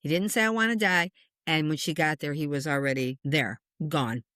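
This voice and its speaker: A woman's voice: deep voice, normal speed, no echo. Earnest woman medium, dry sound. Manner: earnest, passionate, animated retelling. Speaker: spiritual medium, guest. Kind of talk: conversational interview storytelling.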